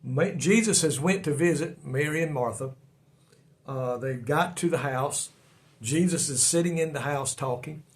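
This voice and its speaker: Guy preaching a morning devotional, folksy and earnest, kinda high voice, stumbles and repeats words. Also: measured pace. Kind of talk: daily devotional sermon.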